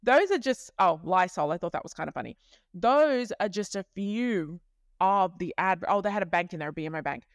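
Gravelly-ish woman podcaster, chatty and animated, keeps correcting herself, dry close sound. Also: lowish voice, moderate pace, dry recording. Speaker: podcast host. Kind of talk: casual podcast monologue.

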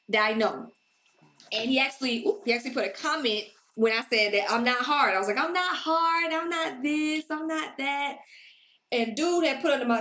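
A woman's voice: a little high, a bit bright. A woman hosting a casual podcast, talking confidently and telling stories. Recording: echoey room.

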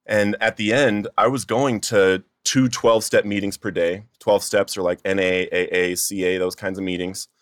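A man's voice: fairly low pitch, little pitch movement, moderate pace, hardly any pauses, no echo, clean studio sound. A young man telling his recovery testimony in an earnest, emotional way. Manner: earnest, emotional storytelling, rising to near-shouting in retold pleas. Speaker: testimony speaker.

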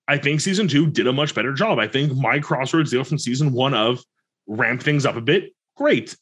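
A man co-hosting a casual podcast, giving opinions in an animated way and laughing often. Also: mid-range voice, moderate pace. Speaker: podcast co-host. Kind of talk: casual chat.

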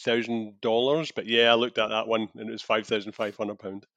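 A man's voice: fairly low pitch, little pitch movement, brisk, vocal fry, a bit bright, no room sound, lo-fi sound. A man, co-hosting a casual film podcast with short, laid-back replies and asides. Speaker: podcast co-host.

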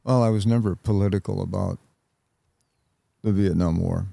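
An older American man, a veteran, talking reflectively in an interview with halting pauses. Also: low-pitched, fairly even intonation, gravelly, mellow, no echo. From United States. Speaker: interview guest, Vietnam veteran.

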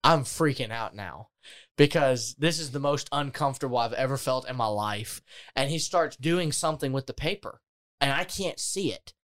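A man telling a story in casual chat, animated and laughing often. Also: medium pitch, moderate pace.

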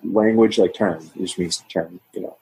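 Low husky-voiced young man, rambling. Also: fairly even intonation, unhurried, mellow, poor audio. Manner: rambling, lots of fillers and restarts. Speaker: podcast guest, Mandarin learner. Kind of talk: casual conversation.

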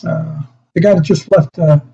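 An older man tells long, rambling stories in a warm, mellow voice that sits a little high. He chuckles and trips over his own starts. The audio is dull and lo-fi. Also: fairly even intonation, moderate pace. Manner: rambling, chuckling, self-interrupting. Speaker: guest, former special teams coach. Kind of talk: casual storytelling interview.

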